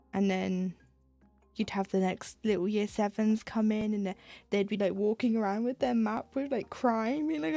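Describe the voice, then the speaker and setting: A woman's voice: mid-range voice, mellow, dry recording. A young woman chatting casually as she stitches on a live stream, telling rambling school stories with laughs. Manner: rambling storytelling with laughs and self-quoting. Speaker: livestreamer stitching cross-stitch. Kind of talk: casual chat while crafting.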